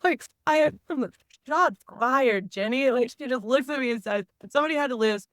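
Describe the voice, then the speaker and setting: A woman's voice: high-pitched, normal speed, a bit bright, dry recording. A young woman, a teacher and coach, chatting candidly as a podcast guest and telling stories with lots of "like.". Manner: candid, storytelling, frequent "like". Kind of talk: casual podcast chat.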